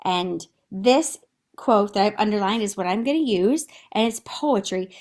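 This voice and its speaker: A woman's voice: medium pitch, lively intonation, a little slow, darkish tone. A woman teacher talks her students through a recorded lesson over slides. Her delivery is chatty and conversational, with small fillers and restarts as she thinks aloud.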